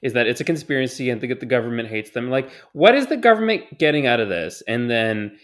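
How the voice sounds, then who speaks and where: A young man with a mid-pitched voice chats casually on a podcast over a remote call from home. His delivery is dry and sarcastic. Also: expressive, a little fast. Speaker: podcast co-host. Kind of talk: casual chat.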